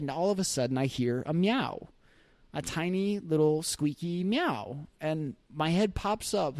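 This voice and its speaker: On his own podcast, a man with a slightly high, mellow voice shares a candid personal story, recorded with no room sound. He talks in a conversational, reflective way, laughing lightly now and then and acting out his own thoughts in quoted voices.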